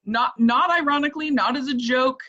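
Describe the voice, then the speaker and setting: A woman with a high voice and a sharp tone talks briskly as a guest on a podcast. Her casual chat is loaded with fillers, laughter, and plenty of "like," and the recording has a dull, lo-fi sound.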